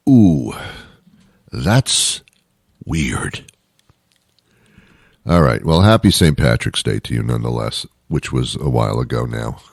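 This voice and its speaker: A deep-voiced man hosts his talk show, riffing sarcastically and rambling from one gripe to the next. The sound is dry and close, with no room around it. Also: no echo. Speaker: radio show host. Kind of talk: casual comic monologue.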